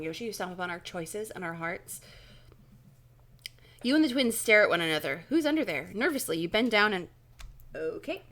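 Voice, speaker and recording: A woman's voice: medium pitch, a bit bright. Casual woman streamer reading aloud. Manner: casual, swears, laughs at own slips. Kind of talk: live-stream read-aloud with chatty asides.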